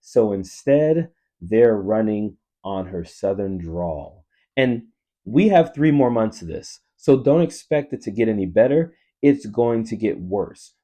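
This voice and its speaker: A man in his fifties, a coach and teacher originally from Louisiana, delivers casual opinion commentary to his viewers. His voice sits low and has a very dark, mellow tone. He talks in an earnest, emphatic way, as if speaking directly to each viewer. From New Orleans, Louisiana.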